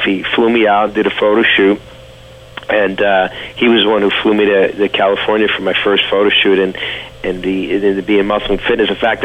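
A man's voice: lowish voice, narrow, tinny audio. A man with a New York accent, a guest telling stories in a casual interview. He rambles with fillers and restarts.

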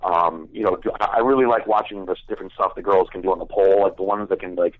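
A man's voice: sits low, fairly even intonation, fast talker. A young man telling a crude, rambling story in casual chat, full of fillers. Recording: dry tinny phone-like sound.

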